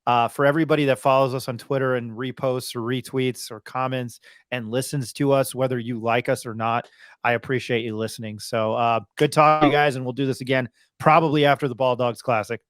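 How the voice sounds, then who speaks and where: A man's voice: medium pitch, steady tone, a little fast, a bit bright, no echo, clean studio sound. A man hosting a sports podcast, talking casually with many restarts and reeling off game scores. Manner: rambling, restarts and fillers, reels off scores. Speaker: podcast host.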